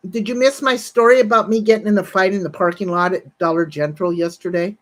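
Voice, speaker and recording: A woman's voice: mid-range voice, fairly even intonation, fast. A woman in her sixties on a casual livestream, telling a rambling, profane story and breaking off to greet viewers in the chat. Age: 60s.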